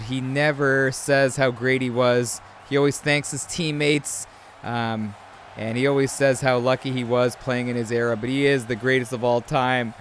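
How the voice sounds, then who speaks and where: A man's voice: medium pitch, slight background noise. A man from Canada, commentating a video game match and telling chatty stories. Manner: chatty, storytelling, animated shouts. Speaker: host.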